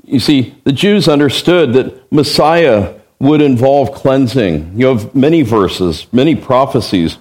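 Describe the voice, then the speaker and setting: A man's voice: medium pitch, animated, unhurried, few pauses, a little mellow. A man preaching an expository Bible sermon as pastor. He is emphatic, asks the listeners rhetorical questions and acts out the verses he quotes.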